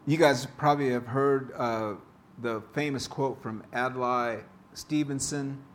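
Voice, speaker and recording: Slow, deliberate male preacher. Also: mid-range voice, steady tone. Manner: slow, deliberate preaching with joke-telling asides. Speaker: pastor. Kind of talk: sermon.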